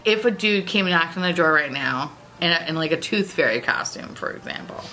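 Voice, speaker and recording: A woman's voice: low-pitched, lively intonation, a little fast, pushed and bright. A woman in her thirties hosting a casual chat, telling stories animatedly, laughing often and swearing freely. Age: 30s. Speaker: host.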